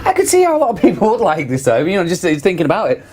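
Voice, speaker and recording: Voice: mid-range voice, wildly swooping pitch, rapid-fire, darkish tone, a little hiss or hum. A speaker co-hosting a casual wine tasting chat, musing and hesitant with frequent restarts. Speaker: wine show co-host.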